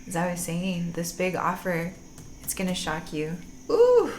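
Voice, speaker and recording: A woman's voice: fairly low pitch, flat delivery, normal speed, slight background noise. Emotional, gushing woman tarot reader. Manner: emotional, gushing, laughs often, slangy. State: teary-eyed. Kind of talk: casual tarot reading to camera.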